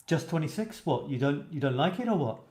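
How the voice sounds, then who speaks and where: A man's voice: a little high, animated, a little fast, darkish tone. A man hosting a live show about writing, chatting casually and reading viewers' comments aloud with enthusiasm. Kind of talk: casual live-stream chat. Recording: roomy echoey sound.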